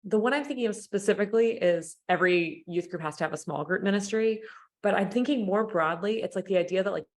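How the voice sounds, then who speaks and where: A woman on a podcast panel, talking in an animated, direct and opinionated way. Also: medium pitch, fast talker. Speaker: youth ministry panelist. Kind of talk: casual podcast chat.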